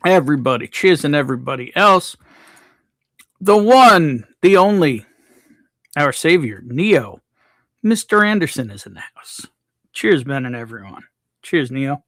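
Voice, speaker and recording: A man's voice: on the high side, expressive, measured pace, long pauses, a bit bright, no room sound, clean studio sound. Laid-back man greeting livestream chat. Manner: reads chat names aloud, laid-back. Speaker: livestream host.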